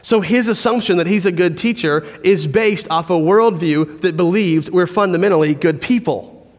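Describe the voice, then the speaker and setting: A man preaching a sermon as pastor, conversational and animated as he tells stories. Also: high voice, moderate pace. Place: church hall. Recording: long hall reverb.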